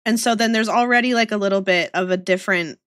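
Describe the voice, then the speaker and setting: A woman's voice: medium pitch, fast talker, fairly bright tone, clear, resonant tone, no echo, clean studio sound. A young woman from the American South with a slight Southern accent and a touch of New York, chatting casually and giggling with viewers while drawing on a livestream. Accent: slight Southern US with some New York vowels. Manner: giggly, laughs often, chatty. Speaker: streamer drawing art live.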